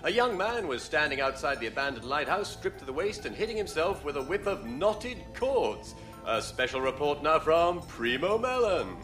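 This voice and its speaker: An actor playing a formal radio newsreader announcing a report. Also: male voice, on the high side, big pitch swings, normal speed, a bit bright, faint music behind.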